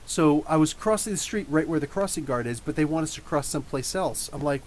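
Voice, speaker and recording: A man's voice: fairly high pitch, animated, brisk, few pauses, a little mellow, a little hiss or hum. A man in his thirties from New Jersey, hosting a casual live podcast Q&A, talking in a rambling, chatty way with many restarts. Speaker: podcast host.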